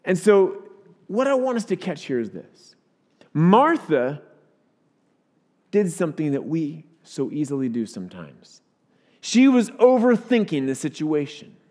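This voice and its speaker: High-voiced pastor preaching in a hall. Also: male voice. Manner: earnest preaching, swells louder at key points. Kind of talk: sermon.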